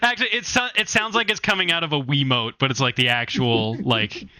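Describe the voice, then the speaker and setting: A man narrating a tabletop game as game master, animated and laughing often. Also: medium pitch, brisk, dry recording.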